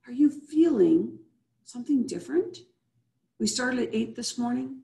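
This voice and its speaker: A woman's mellow, gravelly voice comes over a video call, echoing in the room. She coaches her audience with repeated rhetorical questions and guides them through slow breaths. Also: fairly high pitch, animated. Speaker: host and business coach. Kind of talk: motivational show wrap-up with guided breathing.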